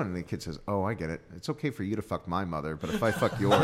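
A man's voice: very fast, a crowd in the background. A man telling dirty jokes in a casual chat, acting out the characters' lines with big jumps in his voice. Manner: animated storyteller, acts out voices with loud jumps in pitch. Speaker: comedian guest.

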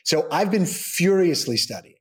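An older man, an actor telling a lively anecdote in a casual interview, acting out the people he quotes with sudden jumps into high pitch. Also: moderate pace. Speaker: actor guest.

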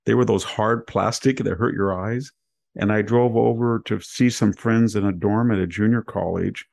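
Low gravelly man telling anecdotes. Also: steady tone, normal speed, darkish tone, no room sound. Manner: rambling personal anecdotes, conversational. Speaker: podcast host. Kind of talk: casual news roundup chat.

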